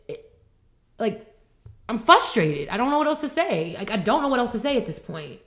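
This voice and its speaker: A young adult woman co-hosting a podcast, talking in a heated, rambling way with lots of swearing and restarts. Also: mid-range voice. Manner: frustrated, rambling, swears often. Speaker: podcast co-host. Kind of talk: heated casual conversation.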